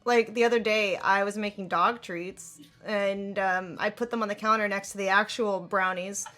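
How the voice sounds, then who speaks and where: A woman's voice: medium pitch, fairly even intonation, normal speed, sharp tone, faint music behind. Rambling woman chatting on a podcast. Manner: filler-heavy, rambling with frequent "like". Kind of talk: casual podcast chat.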